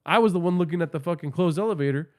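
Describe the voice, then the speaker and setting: A man's voice: on the high side, rapid-fire, a little mellow. A man hosting a podcast, telling a rambling, profane comic story and often asking the listener. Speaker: podcast host. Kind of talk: comedic storytelling monologue.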